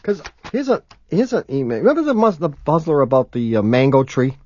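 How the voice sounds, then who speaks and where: A man's voice: a little high, very animated, a little fast, a little mellow, no echo. A man co-hosting a radio show, bantering and reading listener mail, often breaking into giggling laughter. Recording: dull lo-fi radio broadcast.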